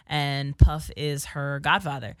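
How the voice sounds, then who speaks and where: A woman's voice: low-pitched, little pitch movement, slow, smooth, no room sound. A woman hosting a podcast, telling stories in a chatty, casual way full of "like" and the odd swear word. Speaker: podcast host. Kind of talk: casual chat.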